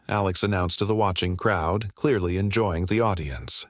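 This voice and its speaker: Male narrator, low voice, dry close sound, measured scripted storytelling. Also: no room sound.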